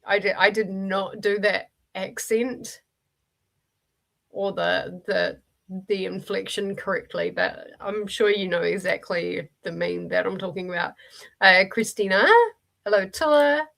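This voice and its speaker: A woman with a New Zealand accent hosts a reading sprint livestream, reading viewer comments aloud while chatting and laughing often, with restarts and fillers. Her mid-range voice has vocal fry and a slightly bright quality, and she keeps a measured pace.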